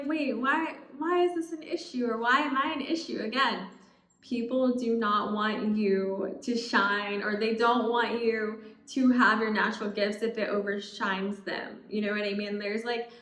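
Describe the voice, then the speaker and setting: Chatty young woman in an echoey room. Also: a little high. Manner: chatty, expressive, acts out quoted people. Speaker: vlogger. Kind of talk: casual advice vlog.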